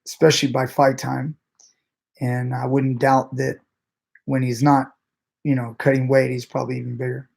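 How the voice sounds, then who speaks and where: A man coaching grappling talks casually to his viewers about the messages he gets. He is blunt, swears freely and laughs often, and his voice sits at an ordinary middle pitch. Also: gravelly, a little mellow, breathy edge.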